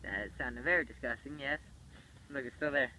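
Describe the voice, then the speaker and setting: A young man from Hawaii hosting a casual vlog challenge, loud and laughing often. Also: mid-range voice, moderate pace, a little hiss or hum, poor audio. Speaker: YouTuber.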